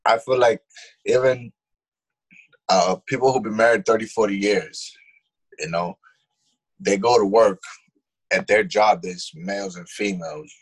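A man's voice: on the low side, steady tone, a little slow, pauses often, husky. A man with a New York accent telling blunt, profane stories as a podcast co-host in casual chat.

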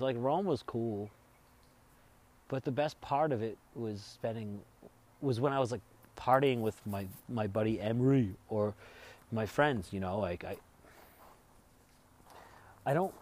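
A man's voice: medium pitch, darkish tone. A man vlogging as he travels, telling a rambling, profane story in casual chat. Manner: rambling, profane, laughs while retelling.

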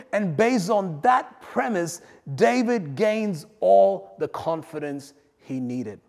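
High-voiced preacher in a reverberant hall. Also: male voice, lively intonation, slow pace, gravelly, hardly any pauses. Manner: dynamic preaching, swings between loud emphasis and quiet asides. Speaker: pastor. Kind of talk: sermon.

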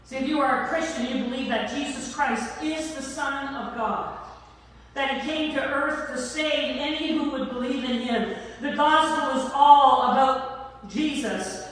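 Slow-preaching woman pastor in an echoey hall. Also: high voice, a bit bright. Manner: slow, emphatic preaching with drawn-out endings. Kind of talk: sermon. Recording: echoey church hall from far off.

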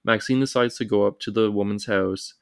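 A man's voice: lowish voice, fairly even intonation, brisk, gravelly, clean tone, dry recording, studio quality. A young man hosting a casual podcast, recapping film scenes in long narrating stretches.

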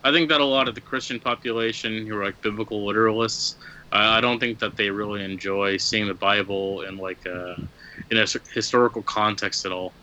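Bright-voiced man in rambling casual chat. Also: lowish voice, steady tone, a little fast. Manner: rambling, many fillers and restarts. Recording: dull lo-fi sound.

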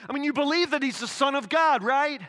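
A man's voice: very high voice, fairly quick, a bit bright, long reverb tail. A man pastor preaching a sermon, telling a story and then pressing his point with emphatic questions. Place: church sanctuary.

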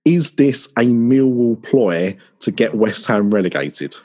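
A man hosting a podcast, asking relaxed questions and reacting briefly to his guest's stories. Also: medium pitch, measured pace. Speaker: podcast host. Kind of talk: casual interview chat.

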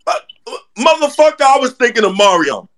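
A man's voice: very high voice, very animated, fairly quick, a bit bright, no room sound. A man ranting and cursing in a casual live audio chat. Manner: ranting, profane.

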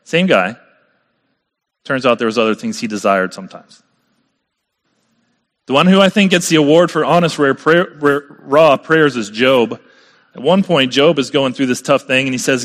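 A man's voice: mid-range voice, lively intonation, normal speed, a bit bright, in a large hall. A man preaching a sermon in a conversational way, often turning to the congregation with rhetorical questions. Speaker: pastor.

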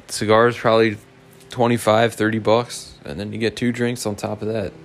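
Low-voiced man rambling through a story. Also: little pitch movement, normal speed. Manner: rambling, profane, self-mocking. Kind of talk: casual storytelling monologue.

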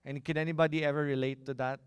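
A man's voice: a little high, little pitch movement, fast, clear, resonant tone, dry recording, studio quality. A man preaching a sermon and often asking the congregation questions. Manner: engaging, asks the congregation questions. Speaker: pastor.

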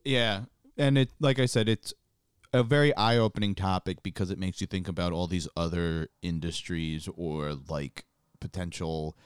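A man's voice: fairly low pitch, clean tone, no room sound, studio quality. A man chatting casually as a podcast co-host, rambling into tangents and swearing now and then.

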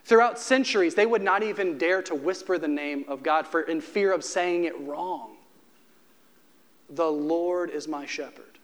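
A man preaching a sermon as a pastor, conversational and humorous, slowing down to stress key phrases. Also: high voice, a bit bright.

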